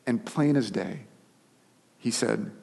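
Guy pastor preaching, kinda low voice, chatty storytelling w/ lots of restarts, big echoey hall. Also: slow, vocal fry, a little mellow. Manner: conversational storytelling with frequent restarts and filler words. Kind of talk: sermon.

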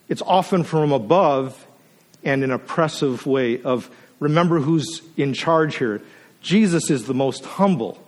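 An earnest man preaching a sermon, his voice climbing to emphatic high points and then sinking low and soft. He sounds moved, at moments choked up, and speaks slowly for weight. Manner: earnest, emotional, swells up then drops to a hush. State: choked up with emotion. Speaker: guest preacher.

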